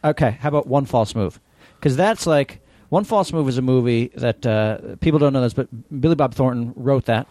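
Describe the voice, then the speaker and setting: A man's voice: medium pitch, moderate pace, hardly any pauses, warm tone, dry recording. A male podcast co-host chatting casually, loose and joking, who swears freely as he asks questions. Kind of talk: casual chat.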